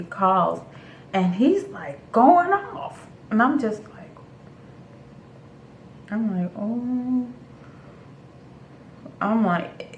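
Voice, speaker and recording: A woman's voice: mid-range voice, reverberant, slight background noise. Chatty young woman telling a storytime. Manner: animated, lots of fillers, acts out her own reactions. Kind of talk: casual storytime.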